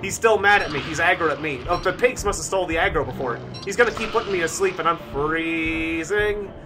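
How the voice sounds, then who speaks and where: A man live-streaming a survival game, talking through his moves as he plays, now and then breaking into shouts. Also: fairly high pitch, brisk, over music. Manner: animated, thinking aloud, bursts of shouting. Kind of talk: live-stream gameplay commentary.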